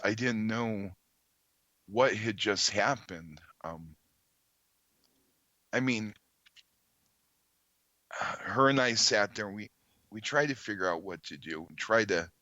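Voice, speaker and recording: A man, a podcast guest, earnestly telling a story in conversation, halting with many ums and restarts. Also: on the low side, sharp tone, no echo, muffled recording.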